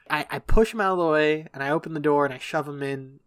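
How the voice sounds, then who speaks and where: A man's voice: fairly high pitch, quick pace, a bit bright, clear, resonant tone, dry recording. A young man telling a long story in casual podcast chat, rambling and swearing, often laughing. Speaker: podcast co-host.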